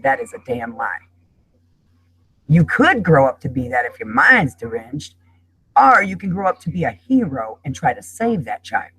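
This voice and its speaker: Woman, middle-aged, husky voice, forceful, impassioned panel guest. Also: a bass voice, sing-song, moderate pace, long pauses, poor audio. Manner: impassioned, emphatic. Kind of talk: emotional panel discussion.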